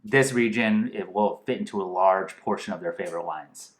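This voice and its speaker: A man hosting a casual wine-tasting chat, rambling and excitable, often restarting as he hunts for words. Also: lowish voice, moderate pace. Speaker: host. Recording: echoey room.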